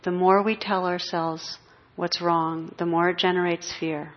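A woman giving a spiritual talk as a meditation teacher, speaking gently and reflectively with pauses. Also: fairly low pitch, level tone. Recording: dull muffled recording.

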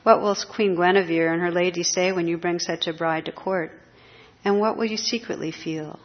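A woman's voice: fairly low pitch, steady tone, moderate pace, natural voice. A woman reading the part of an enchanted lady cursed to look old and hideous, speaking in a pleading, sorrowful way, on a slightly dull recording.

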